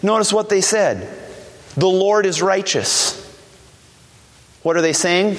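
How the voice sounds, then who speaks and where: A man's voice: high voice, expressive, takes it slowly, pauses often, fairly bright tone, big-room sound. A man preaching a sermon, emphatic and repeating key words, dropping his voice to quote scripture.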